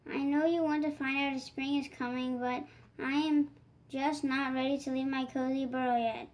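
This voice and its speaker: High-voiced woman doing a drowsy grumpy groundhog guy, storybook read-aloud. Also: level tone, moderate pace, darkish tone, natural voice. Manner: drowsy, grumbling. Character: lazy sleepy grumpy male groundhog.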